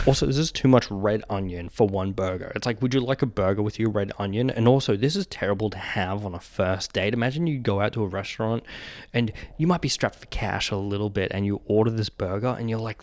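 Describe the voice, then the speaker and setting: A man's voice: fairly low pitch, brisk, dry recording. A young man, ranting casually in a vlog, profane and joking, often laughing. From Australia. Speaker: vlogger. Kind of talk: casual chat.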